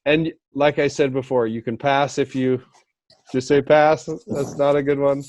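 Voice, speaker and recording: A man's voice: medium pitch, steady tone, normal speed, a little mellow, muffled recording. A man hosting a casual podcast interview, talking in a loose, rambling way. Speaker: host.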